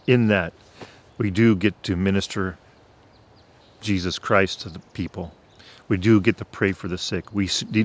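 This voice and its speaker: Slow-talking earnest Christian man. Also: on the low side. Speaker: channel host. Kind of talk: faith testimony talk.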